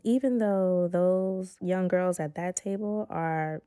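A woman chatting casually in a group, telling animated stories and acting out quoted voices. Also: fairly low pitch, unhurried, hardly any pauses, dry recording, studio quality. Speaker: podcast guest.

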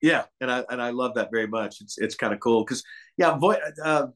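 A man's voice: medium pitch, fairly quick, a bit bright. An older man from Kentucky, a guest actor, chatting in an interview and telling meandering stories. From Kentucky, USA. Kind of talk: casual interview chat.

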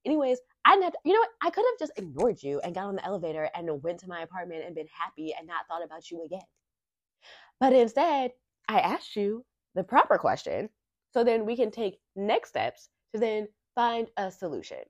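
A woman hosts a podcast and tells a casual story in a chatty, animated voice, with plenty of asides to the listener. Her pitch rises and falls all over the place. The recording is dry and a little dull. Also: a little fast, no echo. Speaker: podcast host. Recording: dry, slightly muffled lo-fi recording.

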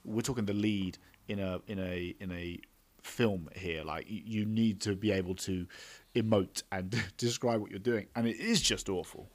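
A man's voice: lowish voice, fairly even intonation, moderate pace. A man in casual film-review chat, critical and exasperated, often repeating himself for emphasis.

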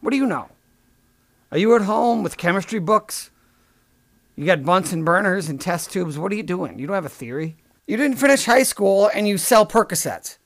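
Male comic host: high-pitched, sarcastic, crude rambling rants, dry close sound. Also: lively intonation, moderate pace, creaky, a bit bright, dry recording. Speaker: podcast host. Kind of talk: comedic rant.

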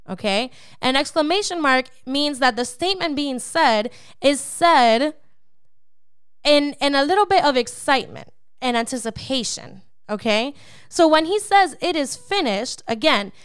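A woman's voice: high-pitched, fairly bright tone, clean tone, dry recording, studio quality. A woman co-hosting a devotional Bible podcast, teaching in an emphatic, preacherly way and often checking in with the listener. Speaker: podcast co-host.

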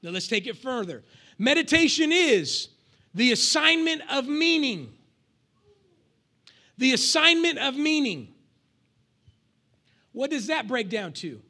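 A male pastor preaching a lively sermon to his congregation, with call-and-response and acted asides. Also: extremely high pitch, slow, pauses often.

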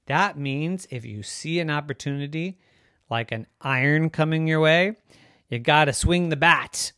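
A storyteller narrating a children's story with a gentle, expressive delivery. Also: medium pitch, measured pace, no echo, clean studio sound.

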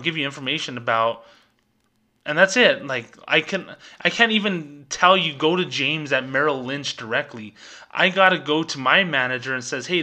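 A man's voice: mid-range voice, sharp tone. A middle-aged man ranting sarcastically on a podcast, mocking corporate phrasing with exasperation. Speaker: podcast host, former bank employee. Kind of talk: ranting commentary.

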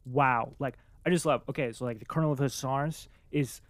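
An excitable, chatty voice of middling pitch that reads a passage from a classic novel aloud, then gushes about it with plenty of "like"s. The sound is dry and close, with no room around it. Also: a little fast, dry recording. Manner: excitable, many filler "like"s, acts out its own reactions. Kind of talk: reading aloud, then casual book commentary.

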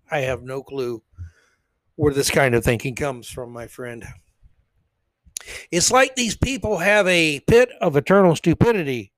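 A man hosting a solo commentary podcast in a sarcastic, blunt, rambling way. His voice sits fairly high for a man. The recording is dry, with no room sound. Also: animated, moderate pace, dry recording. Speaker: podcast host.

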